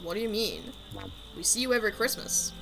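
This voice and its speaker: A woman voicing a relaxed adult aunt in a video game, answering in a flat, matter-of-fact way. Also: mid-range voice, brisk, music in the background, natural voice, poor audio. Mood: dry.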